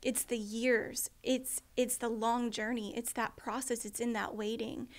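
Woman co-pastor, earnest sermon delivery, voice a bit high. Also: little pitch movement, a little slow. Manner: earnest, repeats phrases.

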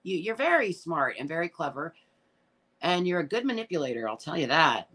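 A woman's voice: sits low, big pitch swings, a little fast, a bit bright. Blunt, swearing woman livestream host. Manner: blunt, emotional, swears freely. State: tearful at times. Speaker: livestream host reading viewer comments. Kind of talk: casual live chat.

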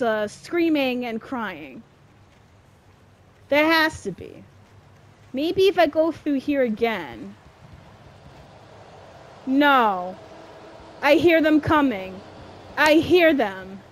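A young woman giving let's play commentary on a horror game, exasperated and complaining, shouting at her character. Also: sits high. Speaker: gamer playing a horror game.

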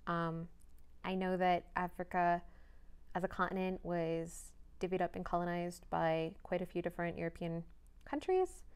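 A woman's voice: medium pitch, clear, resonant tone. A young woman reviewing books in a casual vlog, chatty and thinking aloud with frequent hedges. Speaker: book reviewer.

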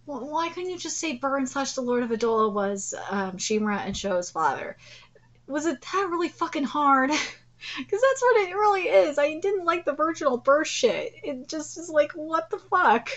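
A woman streaming a casual live reaction to a comic, excitable and profane, trailing off into fillers. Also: high-pitched, moderate pace, highs cut off.

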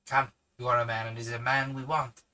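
A man voicing a grave, commanding elderly professor in a hushed, measured tone. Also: mid-range voice, level tone, poor audio. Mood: grave, kindly.

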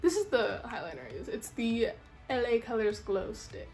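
A woman's voice: fairly high pitch, sing-song, normal speed, darkish tone, faint music behind. A young woman with a sick, stuffy voice, chatting casually while doing her makeup. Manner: chatty, self-deprecating, rambling. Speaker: beauty vlogger. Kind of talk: casual makeup tutorial chat.

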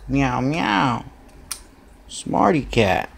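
A man's voice: mid-range voice, animated, drawn-out words, creaky, husky. A man chatting to his pet cats at home by a window, cooing baby talk at them. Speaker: cat owner filming his pets. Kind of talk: casual chat to his cats.

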